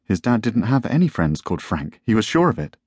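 A man's voice: on the low side, sing-song, fairly quick, darkish tone, slightly rough, no room sound, clean studio sound. A man narrating a tense story as an audiobook reader. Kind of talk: scripted narration.

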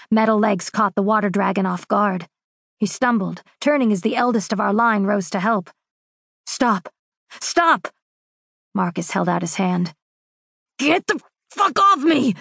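A woman narrating a first-person fantasy romance audiobook in a dramatic, measured, intense way. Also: mid-range voice, fairly even intonation, creaky, breathy edge, no room sound, clean studio sound.

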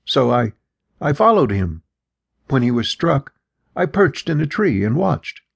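A man voicing a husky young winged warrior woman. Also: medium pitch, sing-song, a little slow, dry recording, exaggerated voice. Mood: sheepish. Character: young female winged bird-folk warrior, urgent and bold.

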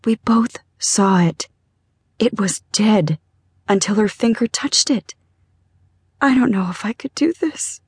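A woman voicing a frightened, loving young mother in an audiobook, speaking softly and through tears. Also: mid-range voice, slow pace, slightly rough, no room sound. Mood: anguished. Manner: soft, tearful, whispering. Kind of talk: audiobook character voice.

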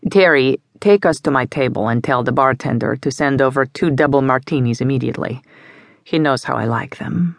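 A woman narrator voicing a genial but menacing male crime boss with a Russian-British accent, speaking smoothly and unhurriedly. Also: medium pitch, no room sound, clean studio sound, close to an everyday voice. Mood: jovial. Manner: smooth, unhurried, softly purring. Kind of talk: audiobook character voice.

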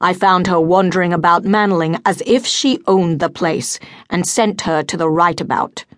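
A woman's voice: lowish voice, moderate pace, dry recording, studio quality, natural voice. A woman voicing a haughty, proud duke who speaks in an imperious, demanding way.

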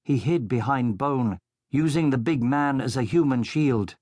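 A man reads a children's adventure story in a steady, measured way, taking his time over each line. His mid-range voice sits close and dry on the microphone, with no room around it. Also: mid-range voice, no room sound. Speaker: audiobook narrator. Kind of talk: scripted children's audiobook narration.

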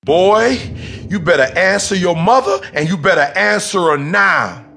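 A man voicing a big, stern old-school father who speaks in a firm, low, commanding way. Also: animated, measured pace, a bit bright, slight background noise.

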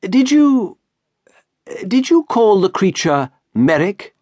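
A man voicing a polite, uneasy gentleman. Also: high voice, very animated, takes it slowly, no room sound, voice pushed up, exaggerated voice. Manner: reserved, courteous. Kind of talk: audiobook character voice.

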